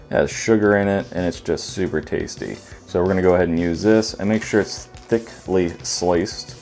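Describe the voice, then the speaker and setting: A man's voice: low-pitched, a little mellow. A man hosting a casual home cooking video, joking and irreverent as he walks through a recipe in his kitchen.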